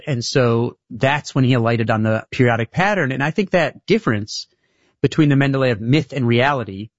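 A man's voice: medium pitch, no room sound, lo-fi sound. A man being interviewed as an author, explaining ideas in a thoughtful, conversational way. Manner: explanatory, thoughtful, with occasional laughs. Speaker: author guest.

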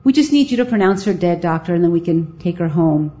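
A woman voicing a calm, gentle young man who is a nurse, speaking steadily and softly in a dull lo-fi recording. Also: lowish voice, quick pace, natural voice.

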